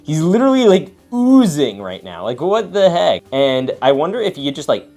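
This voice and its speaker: A young man hosting a casual toy unboxing, talking in an excitable, slangy way as he reacts while building. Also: fairly high pitch, normal speed.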